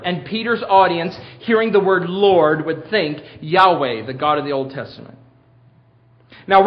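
A male preacher with a high voice delivers an emphatic sermon, pausing on rhetorical questions and shifting his pace to drive points home. The sound is muffled and lo-fi, like a dull church recording.

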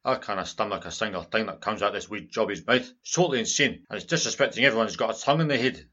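An actor playing a rude, combative Glaswegian librarian with a strong Scottish accent in a comedy sketch. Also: male voice, on the low side, racing, bright, forceful tone, muffled recording. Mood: scornful. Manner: abrasive, insulting, combative. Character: rude foul-mouthed older Glaswegian male librarian.

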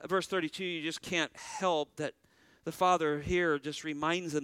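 A man's voice: on the high side, steady tone, a little slow, a bit bright, smooth, no room sound. A man preaching a sermon as pastor, earnest, with a rising and falling preaching cadence.

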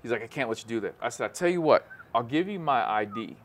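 A male podcast co-host tells a long story in casual chat, animatedly acting out the voices of the people in it. He speaks quickly at medium pitch, with a little hiss or hum in the recording.

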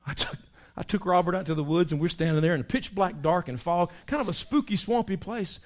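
Male pastor, lively folksy sermon delivery, voice sits a bit high. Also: fairly quick. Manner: animated, imitates animal calls and voices.

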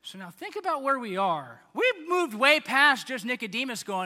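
Man, pastor, sermon, conversational and animated, very high voice, long hall reverb. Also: moderate pace.

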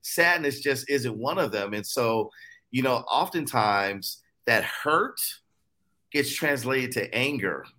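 A man's voice: mid-range voice, lively intonation, slow, sharp tone. A man in his forties, a guest on a casual podcast, explaining things in a loose, friendly way with lots of "you know" fillers.

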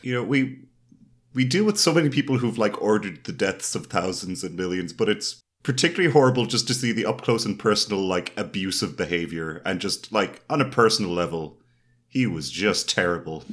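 A man co-hosting a podcast, reacting in casual chat with wry, quick remarks. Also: lowish voice, animated, a bit bright. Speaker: podcast co-host.

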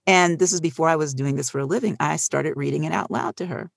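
Lively middle-aged audiobook narrator, dry sound. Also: mid-range voice, quick pace, gravelly, few pauses, no echo. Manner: animated storyteller with frequent laughs. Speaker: audiobook narrator, panel guest. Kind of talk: casual panel chat.

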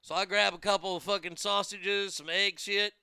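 A brash American-born man riffing through news stories with crude, mocking humor. His voice is gravelly and very bright, smooth in tone. He is heard close and dry on a studio mic. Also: high voice, steady tone, normal speed, no echo. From United States. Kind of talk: crude comedic news commentary.

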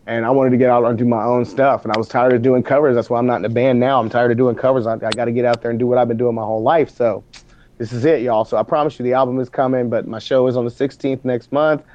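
Man, musician guest, fast candid talker, slightly muffled audio. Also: mid-range voice, steady tone, darkish tone, a little hiss or hum. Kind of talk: casual chat.

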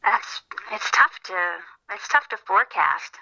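Bright youthful-voiced woman on a call. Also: mid-range voice, a little slow, vocal fry, husky, highs cut off. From Minnesota. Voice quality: youthful, light voice. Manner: earnest, animated storytelling with frequent laughs. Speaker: interview guest, filmmaker and actress. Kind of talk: casual interview chat.

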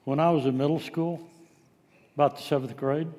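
A man's voice: a little high, fairly even intonation, a little fast, mellow, long reverb tail. A man preaching a sermon, telling stories in a folksy way with frequent filler sounds. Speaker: pastor.

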